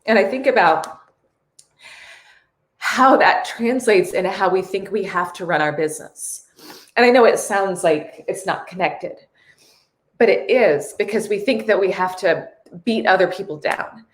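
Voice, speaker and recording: Woman host, earnest and a bit tearful, mid-pitched, roomy echo. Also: normal speed. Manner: earnest and emotional, reads viewer comments aloud. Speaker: live-stream host. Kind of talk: casual live-stream talk.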